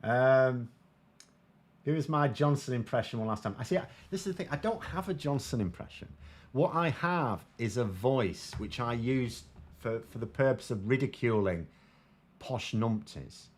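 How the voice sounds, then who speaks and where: A man's voice: medium pitch, expressive, normal speed. Wry British man talking politics. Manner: wry, sardonic, conversational, with frequent ums. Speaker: political commentator, show host. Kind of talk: casual political commentary answering viewer comments.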